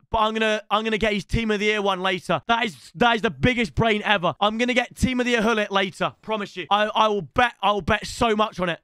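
A young man commentating excitedly on his own video game stream, shouting between calm stretches. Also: high-pitched, clear, resonant tone, no room sound. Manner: excitable, shouts and swings between hype and frustration.

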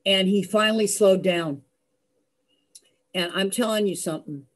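An older woman telling a personal story in a lively way, acting out the voices of the people in it. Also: mid-range voice, unhurried. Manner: lively, acts out voices, laughs. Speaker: storyteller host.

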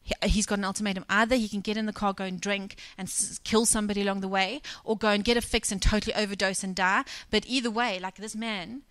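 A woman's voice: medium pitch, steady tone, fast talker, few pauses, a bit bright, no room sound. A woman preaches in a chatty, storytelling way, slipping into the voices of the people she describes. Her voice sits in a middle register. The sound is dry and close, with little room in it. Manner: conversational, retells scenes with quoted dialogue. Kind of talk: sermon storytelling. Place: church.

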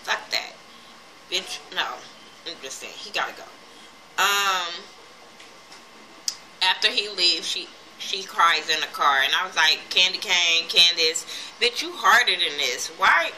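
Casting: woman reviewer, blunt and profane, bright forceful voice, a little low, faint noise behind. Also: measured pace, long pauses, low-quality recording. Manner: blunt, profane, animated retelling with quoted voices. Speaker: TV episode reviewer. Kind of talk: casual recap vlog.

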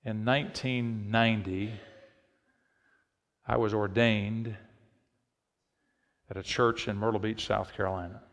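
A middle-aged male pastor preaching a sermon, telling a personal story in an easy tone and rising to emphatic, shouted peaks. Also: fairly low pitch, steady tone, a little slow, long pauses, long reverb tail. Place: church sanctuary.

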